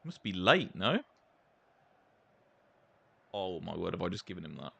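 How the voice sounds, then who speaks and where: A man's voice: deep voice, sing-song, unhurried, gravelly, a bit bright, husky. A young man with an English accent chatting casually while streaming gameplay, laughing often and saying "mate" and "like" a lot. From England. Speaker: gaming streamer.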